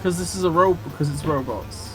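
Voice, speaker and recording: A man's voice: a little high, very animated, fairly quick, background noise. A man streaming a game, chatting casually and teasing his partner, swearing freely. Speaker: streamer, host. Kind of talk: casual gameplay chat.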